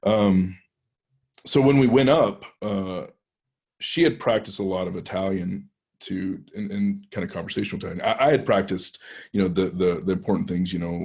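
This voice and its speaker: Telling a club a story, a Texan-accented penetration tester speaks in a low, creaky, slightly mellow voice with a breathy edge, steady tone and moderate pace. His delivery meanders, with many pauses and fresh starts.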